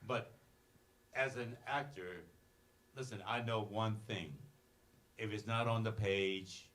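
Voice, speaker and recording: A man's voice: on the low side, steady tone, slow, a bit bright. Blunt, emphatic man on a film panel. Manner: emphatic, blunt and plain-spoken. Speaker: actor on a Q&A panel. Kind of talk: festival Q&A talk. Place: movie theater.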